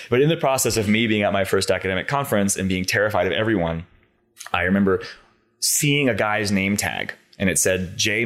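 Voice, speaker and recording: A man in his thirties talks quickly in a casual interview, with a voice sitting a little low. He tells his story in an animated, rambling way, packed with filler words. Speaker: guest, conservation scientist.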